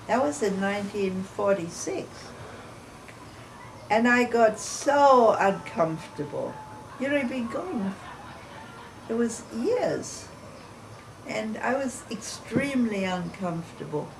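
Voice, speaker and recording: Elderly woman interviewee, unhurried, chatty family anecdotes, recorded from a distance with noise behind. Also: mid-range voice. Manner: chatty storyteller, laughs between anecdotes. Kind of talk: oral history reminiscence. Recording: distant mic with background noise.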